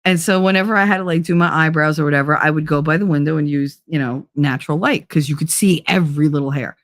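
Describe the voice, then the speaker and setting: A woman's voice: deep voice, fast, no echo, clean studio sound. A woman hosting a casual chat show, telling stories bluntly with frequent swearing and laughter. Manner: blunt, profane, laughs often. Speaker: host.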